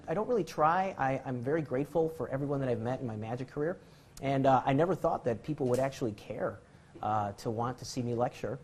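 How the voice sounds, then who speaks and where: A man's voice: medium pitch, a little hiss or hum. A man giving a magic lecture, telling rambling self-deprecating stories and restarting his sentences often. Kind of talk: rambling comic storytelling and demonstration.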